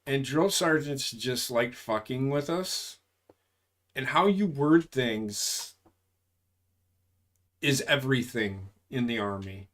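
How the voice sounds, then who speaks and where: A medium-pitched man speaks slowly and pauses often, recounting army service stories from his forties-aged veteran's perspective. Casual and profane, he rambles but gets animated in the storytelling.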